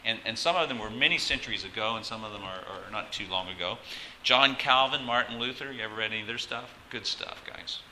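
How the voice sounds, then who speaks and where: A man's voice: mid-range voice, fast talker, pushed and bright, slight background noise, low-quality recording. A pastor preaching a conversational sermon, often asking the congregation questions and restarting his phrases.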